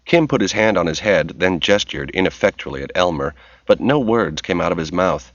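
Deep-voiced man reading a story. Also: lively intonation, brisk, no room sound, highs cut off. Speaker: narrator. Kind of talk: audiobook narration.

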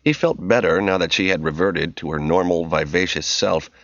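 A man reading a novel aloud as narrator, in measured, expressive storytelling. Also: deep voice, no room sound. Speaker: audiobook narrator. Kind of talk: scripted narration. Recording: dull, muffled audio.

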